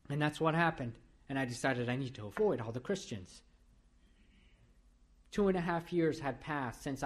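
A man from Iran delivers his testimony from the pulpit in an earnest, storytelling way. His voice sits at an ordinary middle pitch, and he leans into repeated, emphatic statements as the sermon builds. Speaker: preacher giving his testimony.

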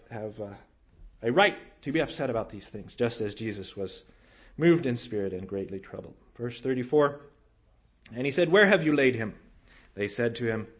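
Man, preacher, sermon, earnest, emphatic then hushed, restarts phrases, muffled lo-fi sound. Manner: earnest, swings between raised emphatic lines and quiet low passages, frequent restarts. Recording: dull lo-fi sound.

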